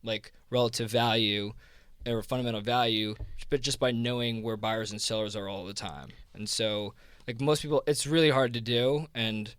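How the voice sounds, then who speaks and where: A man's voice: mid-range voice, steady tone, moderate pace, fairly bright tone, clean tone, dry recording. A man with a South Jersey accent, a guest on a podcast interview, explaining his ideas in a rambling casual way, full of "like" and restarts. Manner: rambling, heavy on "like", frequent restarts. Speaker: guest, crypto fund co-founder.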